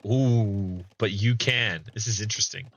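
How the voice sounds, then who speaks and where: A man's voice: lowish voice, measured pace. A man streaming a community strategy game, casually commentating and reading out players' chat, often chuckling.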